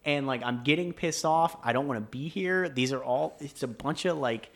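A young man in casual podcast chat, recounting a frustrating night with plenty of swearing. His voice sits at an ordinary pitch, and his exasperation comes through as he tells it. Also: normal speed, creaky. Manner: profane, exasperated storytelling.

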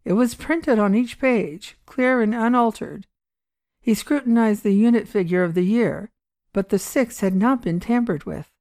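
A woman reading a short story aloud in a measured, even storytelling manner. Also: medium pitch, no echo, studio quality. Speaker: audiobook reader. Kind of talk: storytelling narration.

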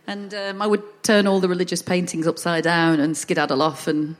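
A woman's voice: lowish voice, little pitch movement, brisk. A middle-aged woman from Lancashire, chatting as a podcast guest on a festival stage, laughing and acting out the people in her stories. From Lancashire, England. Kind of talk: casual chat, anecdotes. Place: festival stage before a live audience. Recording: reverberant live stage audio.

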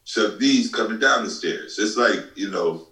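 Animated man telling a story in a roomy space. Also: fairly low pitch, measured pace. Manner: animated storyteller, acts out voices. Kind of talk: casual chat, storytelling. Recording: roomy, distant mic.

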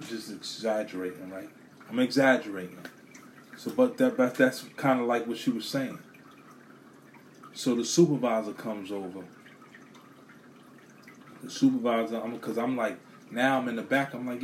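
Animated man on a profane rant. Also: medium pitch, moderate pace, long pauses, a little hiss or hum. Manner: animated, swears a lot, repeats himself.

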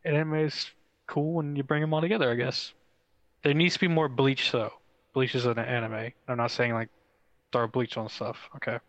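A young man co-hosting a casual gaming podcast, telling stories excitedly with lots of fillers. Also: mid-range voice, dry recording, lo-fi sound. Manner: excitable, fast storytelling with swearing and many fillers. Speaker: podcast co-host.

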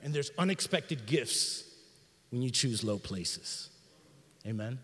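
A middle-aged man preaching a sermon in a church sanctuary, in an energetic, conversational style with slang. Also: mid-range voice, slow, big-room sound. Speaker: pastor.

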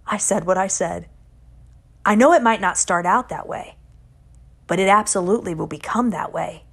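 Middle-aged woman, Christian speaker; earnest, emphatic devotional delivery with quiet low asides, average pitch. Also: moderate pace, creaky, husky. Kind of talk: devotional encouragement talk.

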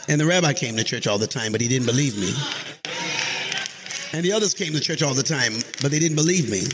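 A man preaching a sermon in church, lively, calling on the congregation and rising to shouts. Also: medium pitch, brisk, long pauses, noisy background. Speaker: pastor. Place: church sanctuary.

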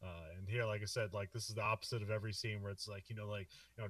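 A man's voice: fairly low pitch, flat delivery, very fast, hardly any pauses, a bit bright, no room sound, recorded from a distance. A man co-hosting a podcast, recapping a film in a loose, rambling way and laughing often. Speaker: podcast co-host. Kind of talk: casual film discussion.

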